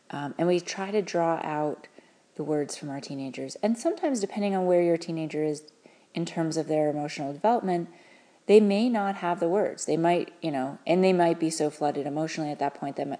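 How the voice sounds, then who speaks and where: A woman giving parents earnest, gentle advice, talking with frequent fillers and restarts. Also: low-pitched, fairly quick. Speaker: parenting advisor.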